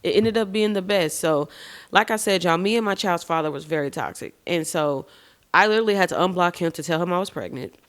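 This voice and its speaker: A woman's voice: on the low side, a little fast. A woman hosting a podcast, telling her own story candidly, speaking straight to her listeners and swearing casually. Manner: frank and expressive, addresses listeners as y'all. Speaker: podcast host. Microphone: podcast microphone.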